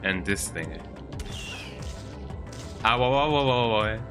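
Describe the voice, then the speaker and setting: A man streams a video game from his home computer, rambling casually through gameplay commentary and ending his sentences with "eh?". His voice is lowish, a little slow, and lively in intonation, with music playing underneath.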